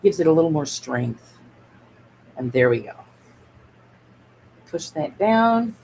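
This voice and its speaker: A woman's voice: low-pitched, vocal fry, darkish tone, a little hiss or hum, poor audio. A woman hosting a casual miniature-crafting stream, chatting in a rambling way and answering viewer comments as she builds. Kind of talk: casual craft livestream chat.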